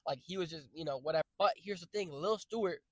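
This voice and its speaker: A young man streaming, rambling through jokey, profane tangents with sudden loud outbursts. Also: fairly high pitch, fast, no echo, rough recording. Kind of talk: casual rambling stream chat.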